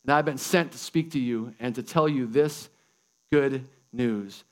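A man's voice: medium pitch, unhurried, voice pushed down, lightly acted. A man preacher acting out a stern male angel messenger who rebukes a doubter with a strong, emphatic declaration.

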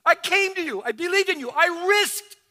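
A man's voice: very high voice, sing-song, a little fast, gravelly, slightly rough, no echo, full character voice. A man preaching, voicing a desperate, grieving father who angrily accuses Jesus of abandoning him. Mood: bitter, accusing. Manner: pleading, accusing, rising to a shout. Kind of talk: sermon.

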